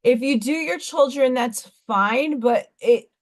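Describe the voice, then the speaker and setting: A woman's voice: sits high, takes it slowly. A woman hosting a live stream, telling stories in a rambling, candid, blunt way. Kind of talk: casual chat.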